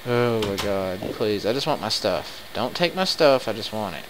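A man commenting live on his game, excitable and quick to swear in frustrated outbursts. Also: lowish voice, very noisy. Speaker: let's play gamer.

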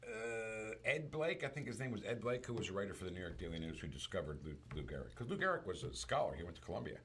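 Male podcaster, deep low register, relaxed storyteller, slight background noise. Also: fast. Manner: storytelling, animated retelling. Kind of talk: casual movie chat.

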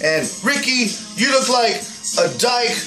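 A man's voice: very high-pitched, lively intonation, takes it slowly, pushed and bright, soft background music, exaggerated voice. A man playing a boastful, foul-mouthed ex-con who insists he is the real Julian, talking to camera in a comic monologue. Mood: blustering. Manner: profane, aggressive, keeps saying "all right?".

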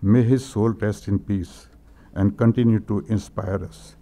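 At a memorial meeting, an older man with an Indian English accent reads condolence messages in a lowish, steady, dark voice at a measured pace. He is emotional and his voice breaks, and the halting tribute is full of "uh" fillers and throat-clearing.

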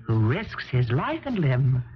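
A woman's voice: a bass voice, huge pitch swings, slow pace, heavily acted. An actress playing a gracious, clever young newlywed woman in a 1970s radio drama, speaking in a gracious, lilting way. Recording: muffled old radio broadcast with faint hiss.

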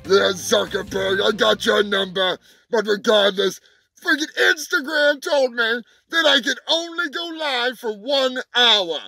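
A man voicing a brash, foul-mouthed male alien pundit who rants and shouts insults at humans in a comedy sketch. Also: extremely high pitch, measured pace, vocal fry, no room sound, heavily acted. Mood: ranting. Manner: ranting, shouting, swearing, insulting. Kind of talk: comedic character rant. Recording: music playing behind.

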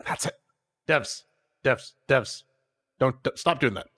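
A man co-hosting a gaming podcast, chatting excitedly and often repeating words as he gets going. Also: mid-range voice, takes it slowly. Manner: animated, stumbles over repeated words. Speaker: podcast co-host. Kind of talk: casual chat.

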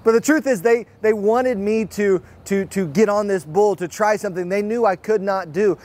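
A man's voice: sits high, moderate pace. A young adult man, preaching a sermon and telling a personal story with acted-out quotes. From Fort Worth, Texas. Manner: lively storyteller, acts out quotes. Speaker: pastor. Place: online church service.

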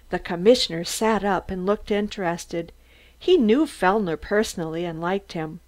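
A woman's voice: medium pitch, normal speed, darkish tone. Woman reading an audiobook. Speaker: audiobook reader. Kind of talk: audiobook narration.

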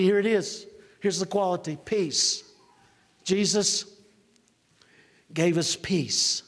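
A man in his sixties preaching a sermon, swinging from near-shouts to quiet asides. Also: high voice, big-room sound. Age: 60s. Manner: emphatic, rising to near-shouts then dropping to a conversational aside. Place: church.

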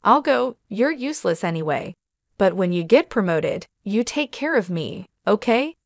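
A woman voicing an arrogant adult brother who hurls insults and shouts at his sister. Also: mid-range voice, very animated, normal speed, no room sound, studio quality. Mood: sneering.

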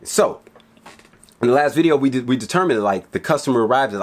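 A man's voice: medium pitch, wildly swooping pitch, fairly quick. A man giving a casual, talkative sales lesson, slangy and swearing, acting out both sides of client talks. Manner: slangy, swears, lots of "right?". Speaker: business coach. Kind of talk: casual teaching monologue.

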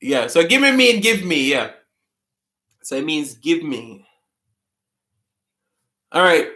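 High, slow-talking Jamaican man. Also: very animated, sharp tone, reverberant. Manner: repeats words slowly and laughs often. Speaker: host. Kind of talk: live-stream trivia chat with viewers.

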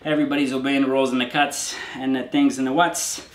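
A man's voice: medium pitch, flat delivery, quick pace. Jokey man in an echoey room. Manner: jokey, riffs on names, crude asides. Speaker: show host reading out donors. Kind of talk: casual comedic roll call.

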